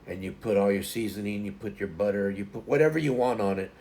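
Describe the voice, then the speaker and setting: A man's voice: lowish voice, fast, dark tone, a little hiss or hum. A middle-aged man, hosting a casual live stream and rambling with lots of repeated words and fillers. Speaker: livestream host. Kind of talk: casual chat to stream viewers.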